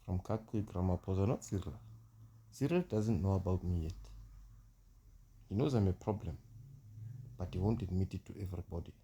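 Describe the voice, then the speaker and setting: A man's voice: sits low, moderate pace, long pauses, warm tone, slightly rough. A middle-aged man with a South African accent giving a mock-formal, self-deprecating comic monologue. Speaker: social media comedian.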